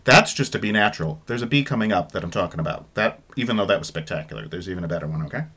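A man's voice: sits low, animated, rapid-fire, background noise. Chatty middle-aged man giving casual commentary. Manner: chatty and digressive, swears offhandedly. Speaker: baritone singer discussing an opera recording.

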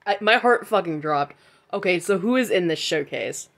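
A woman's voice: fairly low pitch, animated, normal speed, fairly bright tone. A young woman giving casual gameplay commentary, chatty, swearing freely and talking to the game characters. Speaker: gaming vlogger.

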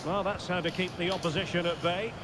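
An actor playing a male football commentator, calling the match in a measured broadcast manner inside a video game. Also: sits high, steady tone, close to an everyday voice. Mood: calm. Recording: game audio under loud stadium noise.

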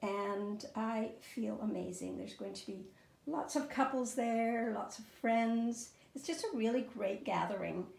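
A middle-aged woman presents her outfits and perfumes from her bedroom, talking slowly with a gravelly edge. Her voice sits a touch high, and she gushes over each piece with lots of fillers. The room sounds echoey around her. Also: a little mellow. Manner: gushing, enthusiastic, lots of fillers. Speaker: fashion and fragrance vlogger. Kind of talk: casual show-and-tell vlog. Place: bedroom at home.

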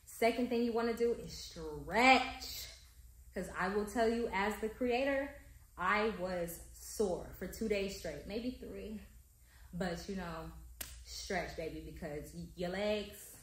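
A woman's voice: medium pitch, slow, slight background noise. Upbeat woman dance teacher, heard from a distance in a roomy studio. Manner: upbeat, coaching with frequent check-ins. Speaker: dance instructor. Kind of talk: dance tutorial. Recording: echoey studio from far off.

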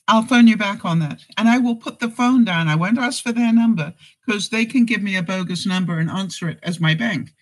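A woman's voice: medium pitch, low-quality recording. A woman vlogger talking casually to camera with advice, telling stories chattily, acting out phone calls and laughing between points. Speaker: vlogger giving life advice. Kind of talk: casual direct-to-camera chat.

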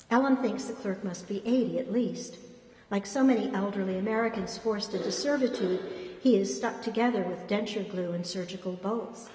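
A woman author giving an expressive reading of her fiction in a hall. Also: medium pitch, normal speed, slight background noise. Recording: echoey hall reverb.

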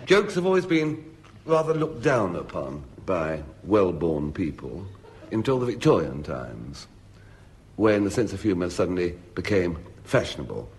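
A man on an archival radio comedy panel, delivering a humorous talk on jokes in a lively anecdotal storytelling style. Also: deep voice, a little slow, a little hiss or hum. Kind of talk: humorous lecture with told jokes. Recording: archival broadcast recording.

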